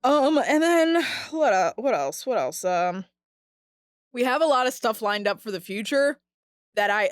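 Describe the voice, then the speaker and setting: In a casual ranting podcast, a female host with a medium-pitched voice rambles heatedly, swearing and using lots of filler words. The studio-quality recording is dry.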